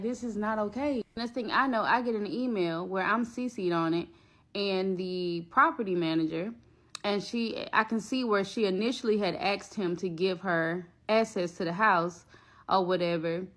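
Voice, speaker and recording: A woman spins a personal story in a loose storytime vlog, cursing freely and voicing everyone involved. She sits at an ordinary middle pitch and talks with blunt, lively energy. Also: normal speed. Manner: blunt, profane, animated retelling with quoted voices. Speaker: storyteller recounting a personal ordeal.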